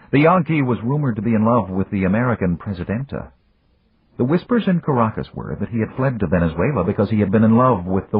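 Deep, very husky male narrator. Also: no echo. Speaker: audiobook narrator. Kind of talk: scripted narration. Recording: dry, tinny phone-like audio.

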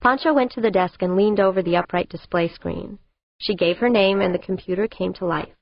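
Low-voiced woman reading an audiobook. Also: steady tone, a little fast, no room sound. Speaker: audiobook narrator. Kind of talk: scripted narration. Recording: dull lo-fi dry recording.

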